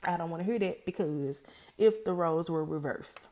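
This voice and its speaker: A woman with a low, deep-set voice talks through a TV episode in a casual vlog recap. She is chatty and opinionated, pressing her points with emphasis. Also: moderate pace, warm tone. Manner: chatty, retells scenes by acting out the characters' lines. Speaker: TV recap vlogger.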